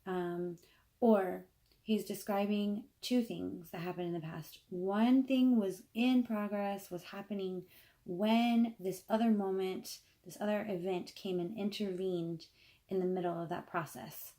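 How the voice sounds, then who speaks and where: A woman giving a patient spoken grammar lesson, slowing down to stress key words. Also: mid-range voice, steady tone, mellow. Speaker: language teacher.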